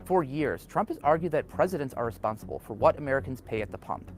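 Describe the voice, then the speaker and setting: A man reading scripted news narration in a steady, informative way. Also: mid-range voice, fast.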